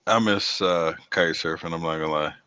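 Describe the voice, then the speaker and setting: A man's voice: low voice, a little fast, sharp tone, smooth, dry recording. An easygoing man in casual chat, dropping "dude" and "man". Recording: dry, muffled lo-fi audio.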